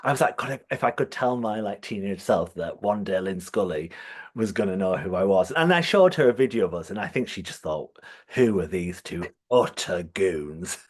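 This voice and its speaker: With a lowish, slightly rough voice, this podcast co-host tells stories a little fast and very expressively. He's clearly enjoying the casual chat, laughing frequently as he goes.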